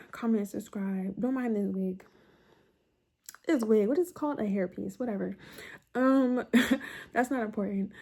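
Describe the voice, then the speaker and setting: A woman's voice: medium pitch, mellow. A middle-aged woman giving emphatic, repetitive, direct self-help advice to her viewers. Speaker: mental health content creator. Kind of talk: motivational talk to camera.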